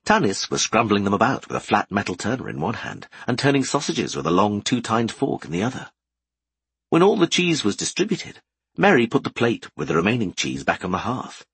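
A man narrating a fantasy audiobook with expressive storytelling. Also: fairly low pitch, brisk, slightly rough, no room sound.

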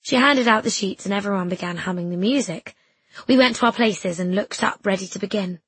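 Breathy woman reading an audiobook. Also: mid-range voice, no room sound. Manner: measured, reflective storytelling. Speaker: narrator. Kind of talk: scripted audiobook narration.

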